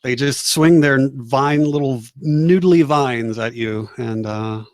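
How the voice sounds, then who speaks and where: A man's voice: mid-range voice, slow pace, no echo. Laid-back man running a tabletop game. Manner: casual, laughing, hesitant with fillers. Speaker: game master.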